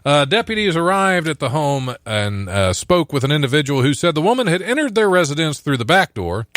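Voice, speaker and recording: A man's voice: on the high side, big pitch swings, brisk, a bit bright, no echo, studio quality. A man hosting a casual comedy podcast, reading odd news stories aloud with jokey asides. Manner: reads news items aloud with asides and laughs. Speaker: podcast host.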